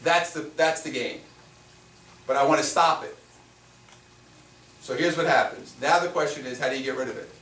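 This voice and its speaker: Spiritual teacher, echoey distant room. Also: male voice, mid-range voice, moderate pace, pauses often, a bit bright. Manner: repetitive, asks rhetorical questions. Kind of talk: workshop teaching to a live audience. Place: room with a small live audience. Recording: echoey room, mic far off, faint noise.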